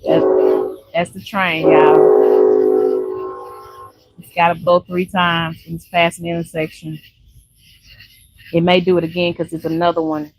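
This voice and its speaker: A woman's voice: lowish voice, level tone, a little slow, long pauses, poor audio. An older woman from Louisiana, chatting casually and laughing often with viewers on a live stream. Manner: chatty, laughs often, warm folksy talk.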